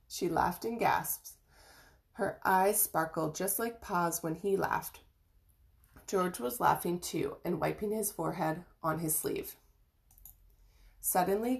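Gravelly-voiced woman reading a storybook. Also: lowish voice. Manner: gentle, even reading with small slips and restarts. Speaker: reader of an audiobook chapter. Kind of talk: storybook read-aloud.

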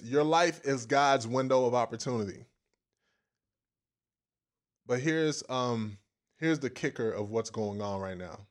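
A man preaching a casual, folksy sermon, repeating phrases and stopping now and then to chuckle. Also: medium pitch.

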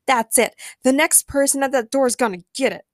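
A woman's voice: fairly high pitch, sing-song, a little slow, no echo, clean studio sound. A woman voicing a feisty, fed-up woman hero in a storybook reading, irritable and snappy. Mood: angry.

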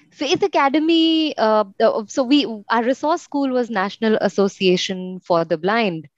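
Speaking at a medium pitch, a young Indian woman recounts her story in a relaxed interview, thoughtful and full of fillers. There's no echo, and the sound is dry and a little muffled.

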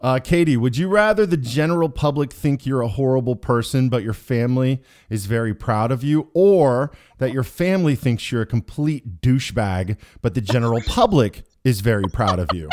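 A man's voice: medium pitch, moderate pace, hardly any pauses, a little mellow. Teasing male podcast host on a call. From Kansas City area. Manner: teasing, asks would-you-rather questions. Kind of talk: casual chat over a video call. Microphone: video call.

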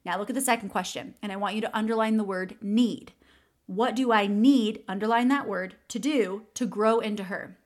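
A woman's voice: medium pitch, normal speed, darkish tone. A woman hosting a solo podcast and coaching her listeners through a journaling exercise. She speaks encouragingly, often laughs, and repeats key phrases. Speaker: podcast host and mindset coach.

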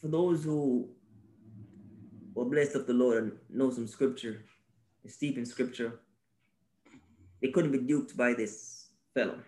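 A male podcast co-host in faith-based conversation, animated and preachy, acting out little scenes and repeating his key phrases. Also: medium pitch, slow, long pauses.

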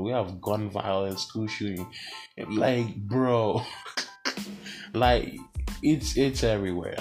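A man's voice: lowish voice, darkish tone. Profane young man ranting. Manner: heated, profane, slangy, rambling. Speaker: vlogger. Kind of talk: profane rant to camera.

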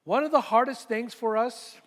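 A high-pitched man delivers a sermon as a pastor, slowing and pausing to drive his points home and repeating them for weight. His voice rings out with a long reverb, as in a large church sanctuary. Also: fairly bright tone. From United States. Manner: deliberate, repeats key points with emphatic pauses.

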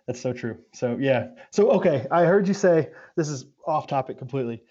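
Easygoing man with mellow tone. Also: mid-range voice, brisk. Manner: easygoing, animated banter. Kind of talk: casual conversation. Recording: slightly dull sound.

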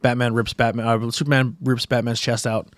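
A man's voice: medium pitch, flat delivery, brisk, no echo. A man co-hosting a podcast, retelling a movie scene in casual chat, rambling with restarts. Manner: rambling, with many restarts and acted-out quotes. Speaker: podcast co-host.

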